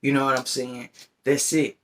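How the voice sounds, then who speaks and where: Over slight background noise, a man with a deep voice and level tone rambles through casual opinions while smoking, at normal speed. He repeatedly checks in with the listener, asking "you know what I'm saying."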